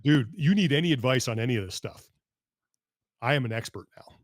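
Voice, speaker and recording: A man hosting a podcast over a video call, telling a story in an animated, exasperated way that keeps breaking off and restarting. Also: medium pitch, brisk, no echo, studio quality. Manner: animated, exasperated rambling with self-interruptions. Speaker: podcast host. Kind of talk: casual storytelling chat.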